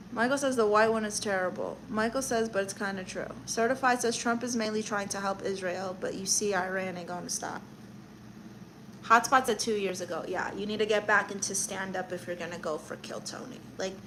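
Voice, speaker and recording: Woman streamer-comic, casual chat-reading, teasing delivery, bright higher voice, faint room noise. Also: rough recording. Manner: sassy, teasing banter with viewers. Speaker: livestream host reading chat; stand-up comedian.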